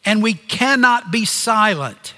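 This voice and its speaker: Male preacher, high voice, slow deliberate sermon delivery, earnest. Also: lively intonation, pushed and bright, big-room sound. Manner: earnest, pausing preaching with phrases dropping low at the end.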